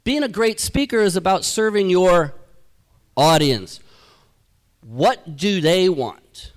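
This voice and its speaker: A man giving a live keynote to an audience as a motivational speaker, energetic and rhetorical, tagging his points with "right?". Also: sits high, slow. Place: event hall.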